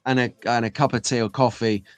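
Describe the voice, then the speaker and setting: A man's voice: mid-range voice, flat delivery, brisk, smooth, no echo. Chatty man on a live stream. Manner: chatty, rambling, reads chat comments aloud. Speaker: host of a live stream show. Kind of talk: casual live-stream chat.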